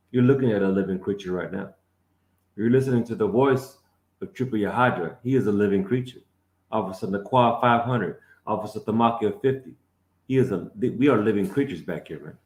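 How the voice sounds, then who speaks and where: Deep-voiced fiery preaching man, echoey. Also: a little fast, a little mellow. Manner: emphatic, calls out prompts, tags lines with "man". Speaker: lead teacher of the class. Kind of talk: fiery street-preaching sermon. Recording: echoey room.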